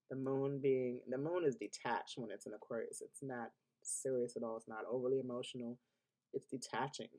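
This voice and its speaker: Here a man with a mid-range, darkish voice runs through a weekly astrology forecast in a casual monologue without a script. He's emphatic and often laughs between points, speaking loosely and restarting sentences.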